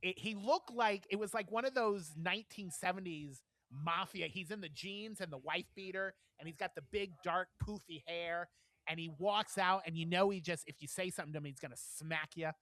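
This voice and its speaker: A man telling a story on a podcast, with a bright, forceful voice and dry close-mic sound. He acts out the people in his story and laughs through the telling. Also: high-pitched, moderate pace, no room sound. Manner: animated storyteller, acts out quotes, laughs often. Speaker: podcast co-host. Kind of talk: casual chat, storytelling.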